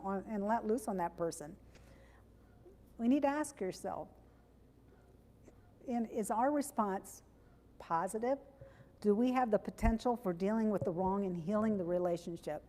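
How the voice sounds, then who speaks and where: A woman's voice: mid-range voice, dark tone. A woman giving a sermon in a conversational, plainspoken way, often correcting herself mid-sentence. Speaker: preacher. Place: church sanctuary. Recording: long church reverb.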